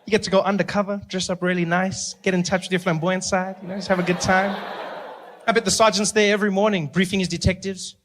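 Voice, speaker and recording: A man with a South African accent doing stand-up, telling animated stories and acting out the people in them. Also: high-pitched, quick pace, a little hiss or hum. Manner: animated storytelling with acted-out voices and laughter. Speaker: stand-up comedian. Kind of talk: stand-up comedy.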